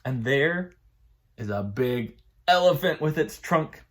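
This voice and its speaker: Male librarian, story time for kids, playful sing-song delivery, very lively pitch. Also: takes it slowly. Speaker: children's librarian.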